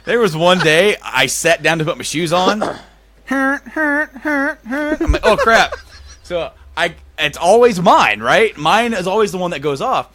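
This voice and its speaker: Bright, high-voiced male podcast co-host. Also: lively intonation, measured pace. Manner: laughs often, casual and profane. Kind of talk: casual chat.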